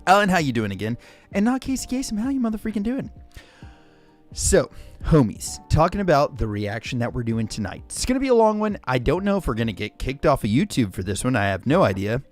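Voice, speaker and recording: A man hosting a livestream in casual chat, excitable and jokey, greeting viewers by name and saying "freaking" constantly. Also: mid-range voice, a little fast, soft background music. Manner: excitable, says "freaking" constantly, shouts out names; jokey and hyperbolic. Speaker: livestream host.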